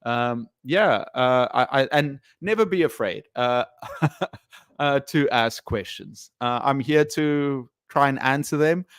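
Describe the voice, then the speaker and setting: A man's voice: mid-range voice, slow, fairly bright tone, clean tone, no room sound, clean studio sound. A man who teaches English, chatting casually on a live stream, often hesitant with fillers and restarts.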